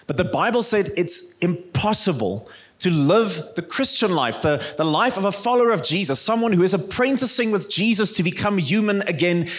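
A man's voice: high-pitched, husky. A man with a South African accent preaching a sermon to a church congregation, conversational and storytelling, calling for the congregation's response. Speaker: pastor. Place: church service.

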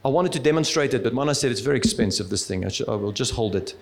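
A man's voice: medium pitch, animated, rapid-fire. A male preacher giving a sermon in a conversational, humorous storytelling manner.

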